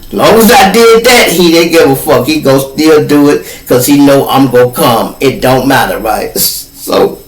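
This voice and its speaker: A man with a Chicago accent, hosting a podcast and telling a story in a loose, profane, animated way, acting out the people in it. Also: mid-range voice, normal speed, few pauses, soft background music. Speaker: podcast host. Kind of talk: casual storytelling. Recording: roomy, distant from the mic.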